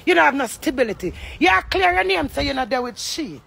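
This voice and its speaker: A woman's voice: high voice, sing-song, fairly quick, gravelly, fairly bright tone. A Jamaican woman ranting angrily on a phone livestream, heated, profane and accusing. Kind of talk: angry livestream rant.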